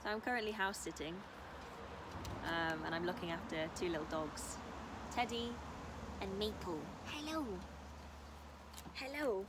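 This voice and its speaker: A woman's voice: on the low side, background noise. Earnest rambling woman vlogger. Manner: earnest, rambling, baby-talks to dogs. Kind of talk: casual spiritual vlog. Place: house, indoors and outdoors with dogs.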